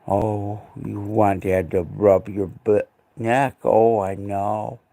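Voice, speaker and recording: A man with a gravelly, fairly low voice chats casually on a live stream from indoors at home. He keeps breaking into cooing baby talk with his dogs. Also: level tone, takes it slowly, dark tone.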